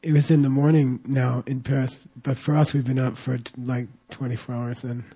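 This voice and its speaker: A man's voice: mid-range voice, flat delivery, moderate pace, creaky, dark tone, husky. A man telling a rambling travel story in a casual talk, full of fillers and acted-out quotes. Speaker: teacher recounting travels.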